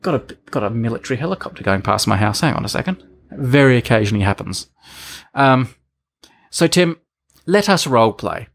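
An Australian man co-hosting a casual podcast, talking at a middling pitch. He sets up ideas playfully and steadily. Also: big pitch swings, a little fast, creaky. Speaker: podcast co-host. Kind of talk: casual chat.

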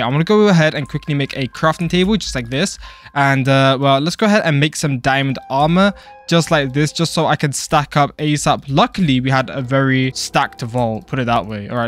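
A man's voice: medium pitch, fairly quick, fairly bright tone, soft background music. A man doing frantic Minecraft role-play commentary, jumpy and casual, talking to in-game characters and calling them bro. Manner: casual slang, calls others bro. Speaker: gaming YouTuber.

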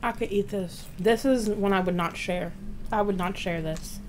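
A woman with a mid-range voice chats casually while tasting snacks with her co-host. She reads package blurbs aloud and reacts in quick, easy remarks. Light crinkling of wrappers sits faintly behind her. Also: medium pitch, darkish tone, a little hiss or hum. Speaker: co-host of a snack review show.

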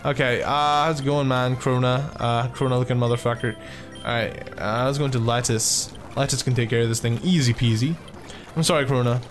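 A man giving casual commentary while playing a game, excitable, swearing freely and full of filler words. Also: medium pitch, brisk, hardly any pauses, soft background music. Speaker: let's play gamer.

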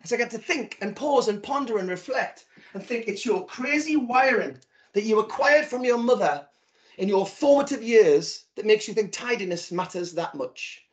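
A man's voice: sits high, expressive, moderate pace. A man giving a talk, telling a comic story from his marriage and acting out the voices. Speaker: speaker. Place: virtual event.

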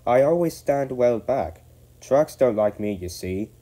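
A man's voice: mid-range voice, animated, a little slow, mellow, voice pushed up. A man voicing a lazy, grumbling male tank engine who whines and makes excuses. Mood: offhand. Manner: whiny, sheepish.

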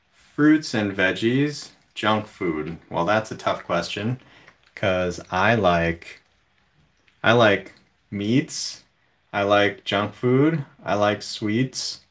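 A man hosting a casual livestream from home, reading viewer comments aloud in a relaxed way. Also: fairly low pitch. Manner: slow, relaxed, reads chat comments aloud. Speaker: livestream host.

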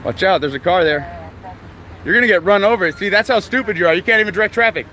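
A man filming a confrontation outdoors in a parking lot, yelling angry, profane insults at staff. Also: high-pitched, quick pace, slight background noise. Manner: angry, profane shouting at staff, gentle to the woman. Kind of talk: heated confrontation.

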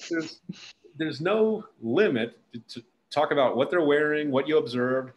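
A man's voice: medium pitch, lively intonation, moderate pace. A man hosting a casual interview, talking animatedly and acting out little snatches of dialogue. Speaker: podcast host.

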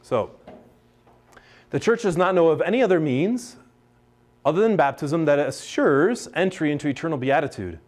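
A man's voice: a little high, expressive, normal speed, pauses often, a little mellow. An American man, a priest, teaching a class in a casual, chatty way, with many restarts and acted-out quotes of other people.

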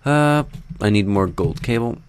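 A young Minecraft let's play host talks over his gameplay in a clean, unhurried voice that's on the low side yet animated. His commentary is casual and meandering, aimed at viewers while he builds, with plenty of self-mocking humor.

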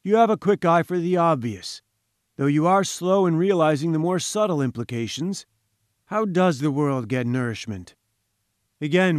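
A man's voice: a little high, no room sound, studio quality, lightly acted. A man playing a pompous lecturing professor. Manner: patronizing, lecturing, grandiose. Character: pompous, condescending male professor-scientist. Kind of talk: audiobook character voice.

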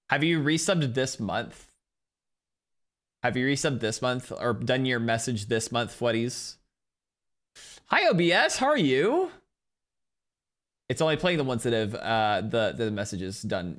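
A chatty male streamer talking to his viewers from home, rambling from topic to topic and excitedly thanking people. His voice swings up and down a lot, and it sits in an ordinary middle pitch for a man. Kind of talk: casual live-stream chat with viewers.

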